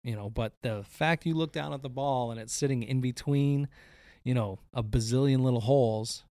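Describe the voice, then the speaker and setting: A man's voice: medium pitch, normal speed, mellow, no echo, studio quality. A man who works at a golf course, telling a story in casual chat, swearing often and acting out the golfers' voices.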